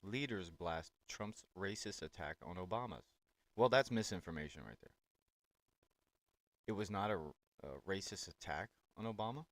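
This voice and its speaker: Blunt, sarcastic man with a low voice. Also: lively intonation, moderate pace, a bit bright, no room sound. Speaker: political commentary host. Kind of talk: reaction commentary on clips.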